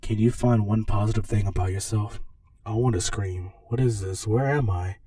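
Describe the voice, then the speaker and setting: A man's voice: fairly low pitch, steady tone, normal speed, warm tone, dry recording, recorded from a distance, close to an everyday voice. A man voicing a cruel, taunting inner voice in a game, cold and belittling.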